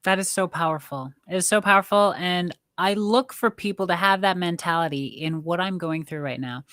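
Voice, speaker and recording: Middle-aged woman guest, low-pitched, dry and close, earnest and reflective. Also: normal speed, a bit bright, dry recording. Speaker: podcast guest. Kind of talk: casual interview chat.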